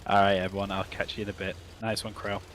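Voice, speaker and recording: A man's voice: fairly low pitch, little pitch movement, fast talker, a bit bright, slight background noise. A man talking casually on a voice call with the streamer, friendly and thankful. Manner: friendly, signing off. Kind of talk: casual chat.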